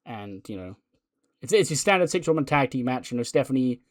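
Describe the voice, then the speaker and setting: A male let's play host narrating a wrestling sim game, casual and chatty as he recaps what happened. His pitch sits in the middle, and the recording is dry and close with no room sound. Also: very animated, a little fast, dry recording.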